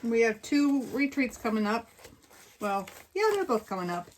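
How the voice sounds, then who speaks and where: A woman's voice: a little high, animated, moderate pace, a little hiss or hum. A woman co-hosting a casual crafting chat, matter-of-fact as she shows items one by one. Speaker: co-host.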